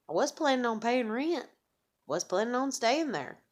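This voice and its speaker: A woman's voice: fairly high pitch, big pitch swings, normal speed. A woman ranting profanely in a casual venting monologue.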